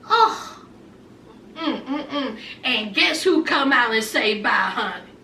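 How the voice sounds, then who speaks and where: A young woman recaps a reality show in a chatty, sassy way, high and bright in pitch. She keeps calling her listeners honey and child. Her voice rings in a roomy space, picked up from a little way off the mic. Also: animated, slow pace, slight background noise. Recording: roomy echo, mic a bit distant.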